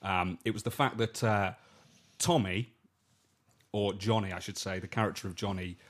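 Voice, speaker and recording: A man's voice: on the low side, steady tone, moderate pace. A man co-hosting a comedy podcast, bantering and reading out stage directions. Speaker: podcast host. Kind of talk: casual comedy chat.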